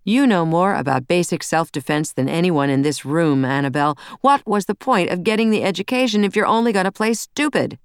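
Lady reading a fed-up detective guy, sharp and scolding, voice pushed up. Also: on the low side, expressive, brisk, few pauses, smooth, no room sound, clean studio sound, pitched above the performer's own voice. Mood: exasperated. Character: blunt, exasperated male police detective.

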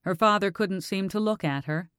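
A calm audiobook narrator reading fiction with a smooth, resonant voice. The sound is close and dry, with no room behind it. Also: mid-range voice, moderate pace, no echo.

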